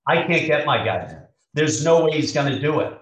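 A man's voice: on the high side, lively intonation, brisk, fairly bright tone. A man quoting a doubtful male listing agent in his own voice, heard from a distant mic in a roomy space.

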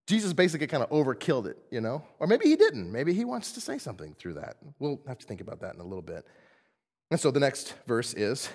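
A man preaching a sermon in a church, playful and animated, acting out the quotes in comic voices. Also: medium pitch, quick pace. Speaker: pastor. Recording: long hall reverb.

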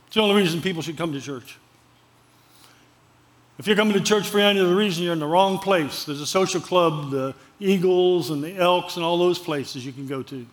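A man's voice: sits high, fairly quick. A male pastor preaching a sermon in a conversational, storytelling way, repeating phrases for emphasis.

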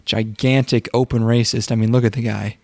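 A podcast co-host chatting casually in an ordinary mid-range man's voice. He delivers sarcastic jokes flatly and deadpan. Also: mid-range voice, brisk, creaky. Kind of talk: casual chat.

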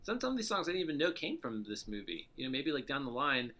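Male co-host, bright tense tone, measured with fillers. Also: medium pitch, sing-song. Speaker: podcast co-host. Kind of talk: casual chat.

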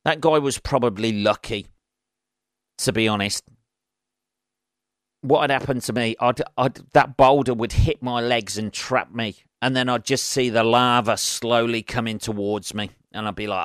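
A man's voice: medium pitch, moderate pace, a bit bright, no room sound, studio quality. A man hosting a solo podcast, rambling through sweary, self-deprecating stories. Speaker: podcast host.

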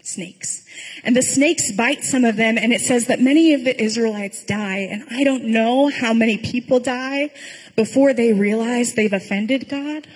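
A pastor giving a sermon in a conversational storytelling way, with dry humor. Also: female voice, fairly high pitch, moderate pace, a little mellow, breathy edge, long reverb tail, poor audio.

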